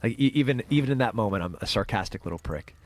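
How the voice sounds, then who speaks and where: Low-voiced middle-aged man telling a story. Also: animated, slight background noise. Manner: halting, full of fillers and restarts. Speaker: guest. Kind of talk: casual interview storytelling.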